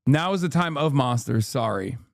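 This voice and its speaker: An American man doing live political commentary on a stream, talking fast, sarcastically and with heavy swearing. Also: medium pitch, lively intonation, creaky, no echo, studio quality. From United States. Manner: sarcastic, fast, profane ranting.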